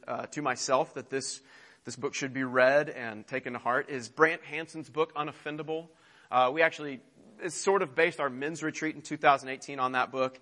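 A man's voice: medium pitch, bright, forceful tone. A man preaching a sermon in a conversational way, opening with a prayer and often restarting his phrases. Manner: conversational preaching with mocking put-on complaint voices; frequent fillers and restarts. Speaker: pastor.

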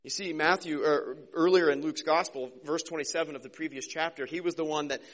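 A man preaching a casual, conversational sermon as a pastor, joking and slipping into quick character voices. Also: on the high side, steady tone, fairly bright tone.

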